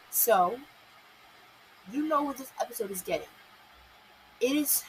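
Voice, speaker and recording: Bright-voiced young woman ranting in a review. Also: sits high, slight background noise, low-quality recording. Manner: exasperated, apologetic, repeats herself. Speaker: cartoon episode reviewer. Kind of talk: ranting solo review vlog.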